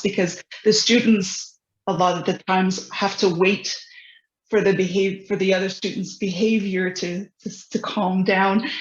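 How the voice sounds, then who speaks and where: Earnest guest in a roomy, dull recording. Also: medium pitch. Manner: earnest explaining, many fillers and restarts. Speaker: education program founder, guest. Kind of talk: conversational interview.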